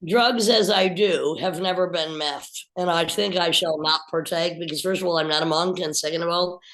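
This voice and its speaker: Guy guest cracking dry jokes, bright sharp tone. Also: a little high, steady tone, normal speed, low-quality recording. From Los Angeles. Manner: wry joking quips. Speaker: podcast guest, bassist. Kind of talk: casual chat.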